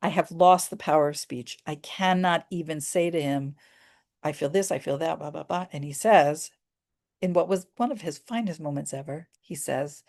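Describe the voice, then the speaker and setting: A woman's voice: deep voice, moderate pace, a little mellow. A middle-aged woman from the United States telling a personal story in an earnest, emotional way. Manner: earnest and emotional, many restarts.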